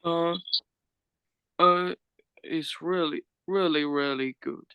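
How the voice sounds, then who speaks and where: Slow, hesitant male language student. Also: fairly high pitch, steady tone, clear, resonant tone, no room sound, lo-fi sound. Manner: hesitant, halting answers with restarts.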